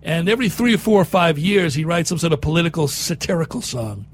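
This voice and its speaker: A radio host chats in a casual commentary style, laughing frequently and using sarcastic, mocking humor. His fairly high voice is expressive and fast, with a little hiss or hum audible in the recording.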